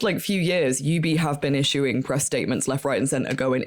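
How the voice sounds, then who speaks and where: A woman, chatting as a guest on a podcast, enthusiastic and quick to laugh, with many fillers. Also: low-pitched, animated. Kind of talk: casual chat.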